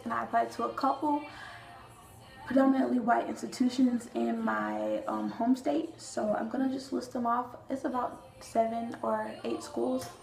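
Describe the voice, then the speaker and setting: Chatty young woman vlogging, gravelly edge. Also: fairly high pitch, echoey room, low-quality recording. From Alabama, US Southern. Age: young adult. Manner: chatty and playful, with many fillers and quick asides. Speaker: vlogger, college freshman. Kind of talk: casual talking-to-camera vlog.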